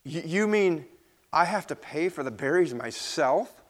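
A man's voice: on the high side, animated, measured pace. A man voicing a frightened little boy in a read-aloud story, stammering and pleading. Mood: tearful.

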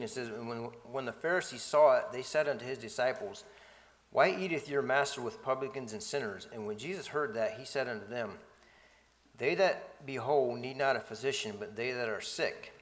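A man reading Bible passages aloud and commenting on them, with halting restarts. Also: mid-range voice, a bit bright, long reverb tail.

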